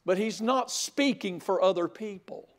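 Older man, high-pitched, folksy sermon, loud outbursts. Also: a little slow. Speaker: pastor. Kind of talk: sermon with humorous story.

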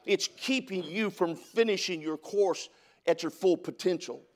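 High-sitting and a little slow, this man's voice belongs to a middle-aged Californian pastor mid-sermon. He repeatedly stammers and restarts as he tells stories, and his scripture readings climb in a rising preaching cadence.

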